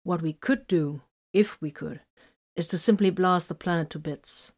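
A woman voicing a tightly strung male space marine librarian, speaking quietly and clipped, in a fan story reading. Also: lowish voice, moderate pace. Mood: grim. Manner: quiet, clipped, then bursts into roaring.

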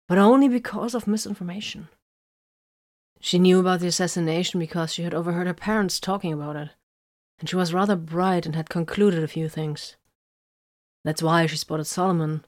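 A woman reading the part of a tired, brooding male space warrior in a flat, dry voice. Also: on the low side, no room sound, natural voice.

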